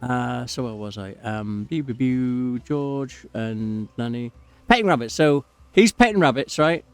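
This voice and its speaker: A man's voice: medium pitch, expressive, unhurried, smooth, faint music behind. A man rambling and drifting off topic while giving casual commentary as he plays a game. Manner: rambling, digressive, easily sidetracked. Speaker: gaming channel host.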